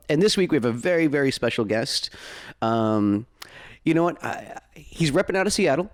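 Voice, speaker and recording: A man hosting a podcast, chatting casually with his guest, playful and joking and quick to laugh. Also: fairly high pitch, sing-song. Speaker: podcast host. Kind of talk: casual interview chat.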